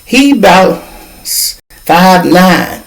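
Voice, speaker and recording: An older man from Chicago hosting a podcast, telling a story in a casual, animated way, full of profanity and spoken sound effects. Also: high voice, very slow, vocal fry, poor audio. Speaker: podcast host.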